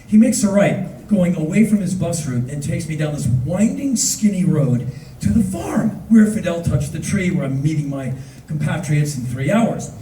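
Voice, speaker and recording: An American man in his fifties telling a story on stage with an animated, wry, punchy delivery. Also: fairly high pitch, normal speed, slight background noise. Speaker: spoken word performer. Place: concert venue on stage. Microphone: recorded from the audience. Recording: echoey distant audience recording.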